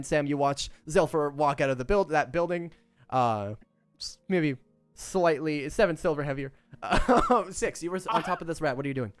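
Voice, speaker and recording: A man narrating as game master of a tabletop game, laid-back and quick to laugh. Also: on the high side, animated, smooth, no echo, faint music behind.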